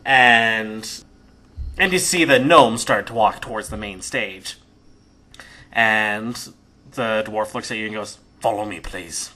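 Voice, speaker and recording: Man narrating as game master, bright voice. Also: fairly low pitch, slow, long pauses, poor audio. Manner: relaxed, conversational narration.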